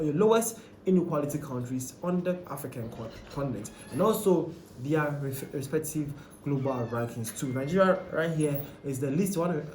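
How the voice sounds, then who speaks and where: A man's voice: on the high side, darkish tone, reverberant, a little hiss or hum. A man hosting a show who walks through a ranked list in a conversational, questioning way with many fillers and restarts. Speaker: host. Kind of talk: casual commentary on a ranked list.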